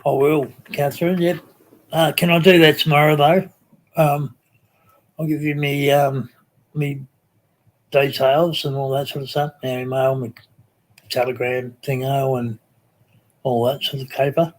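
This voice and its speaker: A relaxed Australian man chats through a live stream, taking his time with each thought. His talk wanders, full of ums, restarts and drawn-out pauses, in a middle-pitched voice. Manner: slow, rambling, many ums and restarts. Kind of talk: casual live chat reading comments.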